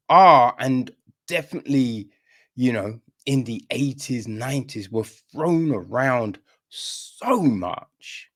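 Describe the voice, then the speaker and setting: A man hosting a film review podcast, talking casually in an exasperated, rambling way with lots of fillers and restarts. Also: medium pitch.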